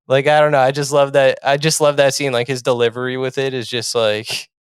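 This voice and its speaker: A man talks through a casual podcast chat, rambling and loose with plenty of fillers. His voice is smooth and clear. The sound is dry and close, with no room around it. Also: medium pitch, fairly even intonation, fast, few pauses, dry recording. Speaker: podcast co-host.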